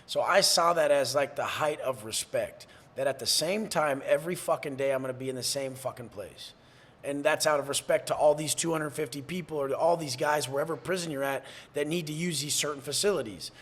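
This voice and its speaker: A man from San Diego speaks as a podcast guest in a blunt, profane and intense way. His voice is husky, with a slightly raised pitch. He often acts out the back-and-forth he is describing. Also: a little fast, fairly bright tone. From San Diego, USA. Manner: profane, blunt and intense, acting out quoted exchanges. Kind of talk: podcast interview.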